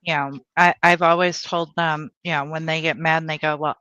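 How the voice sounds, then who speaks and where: A woman co-hosting a casual chat, unhurried, mostly giving short agreeing replies. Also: low-pitched, steady tone, bright, forceful tone, no echo, lo-fi sound. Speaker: podcast co-host.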